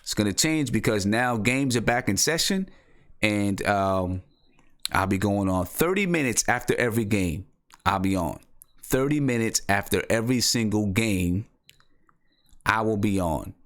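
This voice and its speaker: A man's voice: on the low side, expressive, unhurried. A man hosting a casual live-stream show, talking loosely with many restarts and repeats. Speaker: podcast host.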